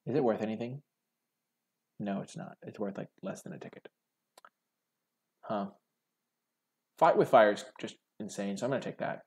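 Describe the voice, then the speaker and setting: Young male game host, lowish voice, casual think-aloud draft commentary with lots of fillers. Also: normal speed, pauses often, a little mellow. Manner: musing, hesitant, many "like" fillers. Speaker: card game video host.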